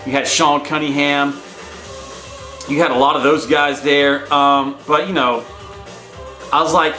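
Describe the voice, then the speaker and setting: Male vlogger, brash hype-man patter, fairly high voice, roomy echo. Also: measured pace, pauses often, pushed and bright, soft background music. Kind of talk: casual hype vlog. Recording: echoey room sound.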